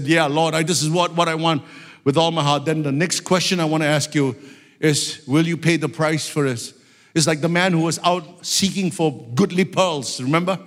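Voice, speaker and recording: A man preaching a sermon with fervent passion, at times shouting out prayers. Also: fairly high pitch, long reverb tail.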